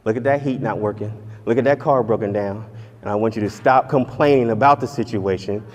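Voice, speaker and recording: A man preaching a conference sermon, swinging from loud exhortation down to hushed, prayerful tones. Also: fairly low pitch. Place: conference hall. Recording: reverberant hall.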